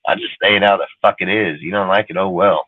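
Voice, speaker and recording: A man's voice: low-pitched, fairly even intonation, fast talker, dry recording. A man ranting in casual talk, blunt and profane, leaning on "dude" and "like" as he talks. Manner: blunt, heavy swearing, repeats "dude" and "like". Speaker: podcast co-host. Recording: tinny phone-line sound, dry.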